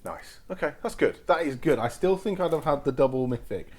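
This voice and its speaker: Excitable man opening card packs. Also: medium pitch, fairly quick. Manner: excitable, exclaims at each pull. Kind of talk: casual commentary while opening packs.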